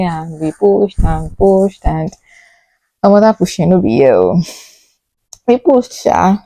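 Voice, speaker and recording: A young woman with a Nigerian accent, chatting casually as she tells a vlog story with lively, animated asides. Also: fairly low pitch, vocal fry, no echo, poor audio. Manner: chatty, animated retelling with frequent fillers. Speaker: vlogger telling her birth story.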